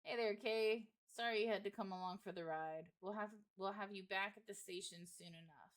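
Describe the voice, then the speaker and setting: A man's voice: high-pitched, moderate pace, a bit bright. A woman voicing a polite, friendly male deputy in a horror game, read plainly. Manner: plainly read, no put-on accent.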